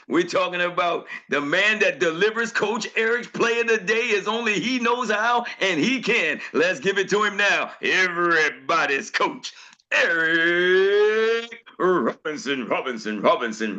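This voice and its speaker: A man's voice: high voice, pushed and bright. A man hosting a live online session, giving the speaker a formal introduction that builds up hype. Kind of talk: emcee introduction.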